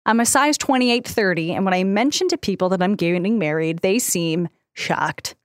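A woman's voice: medium pitch, normal speed, smooth, dry recording. Dry-voiced woman, frank podcast co-host. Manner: frank, swears, laughs often. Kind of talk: casual chat.

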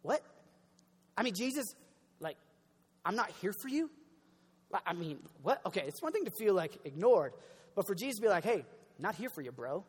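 A man's voice: high-pitched, normal speed, long pauses, husky. A young man preaching a conversational sermon, acting out the people in the story, sometimes crying out and sometimes dropping almost to a murmur. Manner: conversational, animated, acts out voices, swings from loud to quiet. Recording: long hall reverb.

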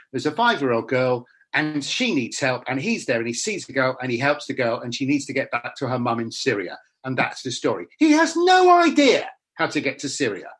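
A man's voice: mid-range voice, a bit bright, slightly rough. A middle-aged man, an actor talking bluntly and animatedly in a casual interview, often restarting his sentences.

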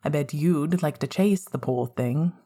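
A woman voicing a young man who is struggling against a wolfish pull, in a low, rumbling murmur. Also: measured pace, mellow, husky. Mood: brooding. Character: young man fighting his inner wolf.

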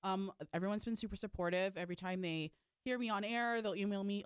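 A woman's voice: mid-range voice, fast, smooth, no room sound. A woman in her twenties from Canada, chatting as a guest in a small radio studio, laughing often and acting out what people said. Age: 20s. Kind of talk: casual interview chat.

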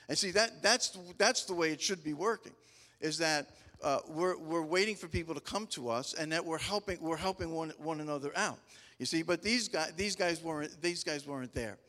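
A man's voice: a little high, lively intonation, moderate pace, sharp tone. A middle-aged man preaching a casual sermon, telling folksy, humorous stories in a rambling, stop-start way full of restarts. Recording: long reverb of a large hall.

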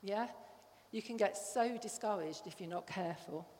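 A woman's voice: medium pitch, normal speed, a little mellow. Woman preaching in a reverberant hall. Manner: conversational, checks in with the congregation. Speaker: church speaker. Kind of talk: sermon.

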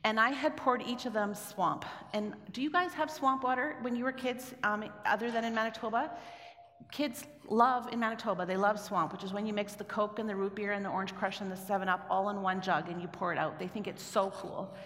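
A woman's voice: medium pitch, steady tone, brisk, hardly any pauses. Middle-aged Canadian woman, chatty storyteller speaking to an audience, long reverb of a hall. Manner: warm, conversational, asks the audience questions. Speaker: speaker giving a talk.

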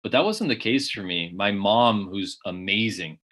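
A young man, a blind golfer and podcast guest, talking candidly and joking as he tells lively stories. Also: fairly low pitch, moderate pace. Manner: joking, animated storytelling.

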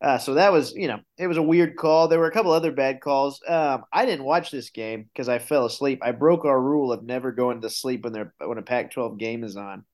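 A man hosting a casual sports podcast, telling game stories with rising excitement. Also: mid-range voice, fairly quick, hardly any pauses. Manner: animated storyteller, rises when excited. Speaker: podcast host.

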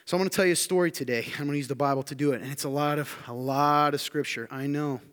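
A man's voice: fairly even intonation, fast, clear, resonant tone. Emphatic preacher man in a reverberant hall. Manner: emphatic, building to loud high-pitched intensity; repetitive rhetorical questions to the congregation. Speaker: pastor. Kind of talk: sermon. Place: church hall.

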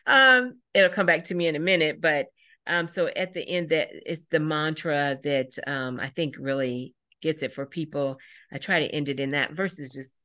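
A middle-aged woman, a podcast guest, telling lively, rambling stories in casual talk with many fillers. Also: low voice.

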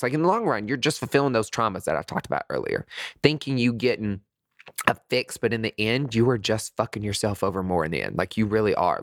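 A man talking candidly to his viewers in a sassy, animated way, full of swearing and pet names, with sudden high squeals of disgust. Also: no echo, clean studio sound. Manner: very expressive pitch swings, high squeals of disgust. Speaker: vlogger sharing dating opinions.

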